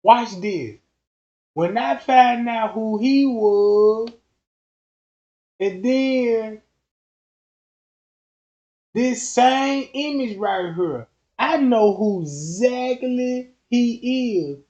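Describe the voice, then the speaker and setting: A man's voice: very high-pitched, animated, drawn-out words, pauses often, darkish tone, muffled recording. A man hosting a casual commentary stream, slangy and emphatic, repeating himself as he builds up his points. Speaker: YouTube commentator.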